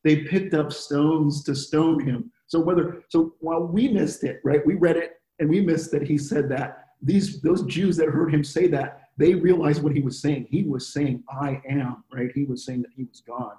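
Mellow-voiced man leading Bible study. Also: on the high side, moderate pace, hardly any pauses. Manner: earnest, stops and restarts often while explaining. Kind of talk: conversational Bible teaching. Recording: roomy echo.

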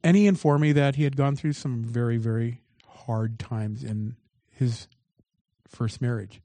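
Dark-voiced male pastor preaching. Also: medium pitch, fairly even intonation, a little slow, dry recording. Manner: reads scripture aloud, then comments with shifting emphasis. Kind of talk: sermon.

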